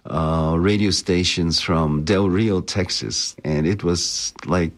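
Reflective deep-voiced poet. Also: male voice. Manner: reflective, halting. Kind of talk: interview recollection.

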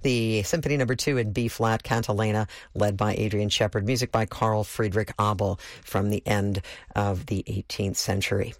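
Male classical radio host, easygoing and musing, low voice, dry close sound. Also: fairly even intonation, normal speed, no echo. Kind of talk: radio announcing between pieces.

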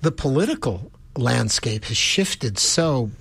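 A man's voice: mid-range voice, very animated, takes it slowly, creaky, fairly bright tone, breathy edge, no room sound. Earnest man hosting a talk show. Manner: earnest, musing, builds long run-on points. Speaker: host. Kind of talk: reflective talk-show discussion.

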